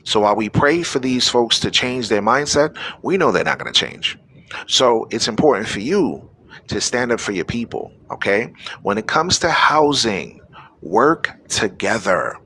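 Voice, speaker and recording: A man's voice: mid-range voice, fairly bright tone, breathy edge. A man hosting a live-streamed news show, delivering preachy, exhorting commentary to his audience. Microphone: phone or webcam on a live stream.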